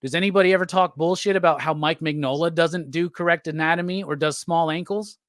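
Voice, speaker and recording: A man hosting a casual conversation about comics, talking in an animated, profane, slangy way and acting out what other people say. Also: a little high, fast, no room sound, studio quality. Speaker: host.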